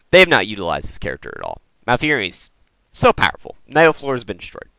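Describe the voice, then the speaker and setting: A man hosting a gaming video, excitedly rambling through lore theories and often repeating his words. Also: lowish voice, a little fast, creaky, no echo, low-quality recording. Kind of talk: casual lore theorizing talk.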